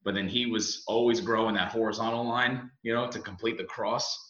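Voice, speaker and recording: A young man hosting a podcast, chatting casually and telling animated stories with lots of fillers. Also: fairly low pitch, a little fast. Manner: animated storyteller, mimics voices, many fillers. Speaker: podcast host. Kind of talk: casual chat. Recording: echoey room, dull lo-fi sound.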